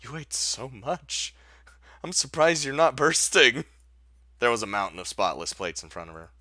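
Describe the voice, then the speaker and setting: Jokey lively game streamer. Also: mid-range voice, fairly quick, no room sound, studio quality. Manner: jokey, swearing, laughs at own asides. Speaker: let's play host. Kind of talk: game commentary reading narration aloud.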